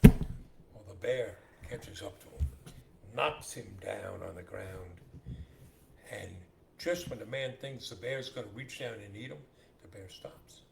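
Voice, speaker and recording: A podcast co-host with a fairly low, gravelly voice and a slightly slow pace trades casual banter and tells jokes. He is an animated storyteller who acts out the characters in them, and the recording has a roomy echo with faint hiss.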